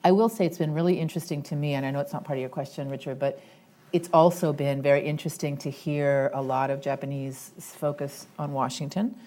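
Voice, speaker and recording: A woman panelist with a notably low voice, speaking in a measured, diplomatic way. She weighs each phrase carefully as she answers on a policy panel. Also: fairly even intonation, mellow. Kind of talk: panel discussion remarks.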